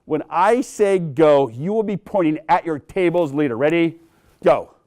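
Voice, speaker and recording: A middle-aged man giving a lively keynote talk on sales coaching to an audience. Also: measured pace. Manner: energetic, acts out dialogue with big pitch swings. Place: conference room with an audience.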